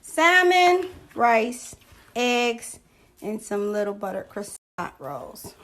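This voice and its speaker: A woman hosting a casual home cooking lesson, chatting through each step in a relaxed way. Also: a little high, takes it slowly. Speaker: cooking show host. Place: home kitchen.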